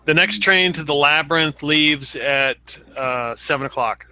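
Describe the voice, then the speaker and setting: A man's voice: fairly high pitch, measured pace, sharp tone, clear, resonant tone. A man narrating a tabletop game as game master, casual and hesitant, with many fillers.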